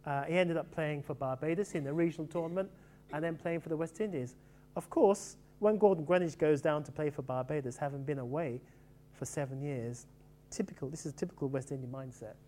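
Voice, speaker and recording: A middle-aged man raised in England talks quickly and warmly animated about the players he loved. His speech runs along at a brisk clip with fond asides. A faint hum sits underneath the recording. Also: a little high. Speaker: author reflecting on cricket. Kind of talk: casual reminiscing talk.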